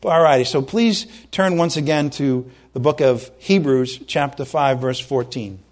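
A man preaching a sermon, fervent and emphatic, who slows down to read scripture and stumbles over his words when worked up. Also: medium pitch.

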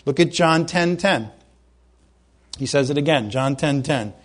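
Man, preacher, sermon, emphatic, fervent, slightly high voice, slow scripture reading. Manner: stumbles over words when worked up.

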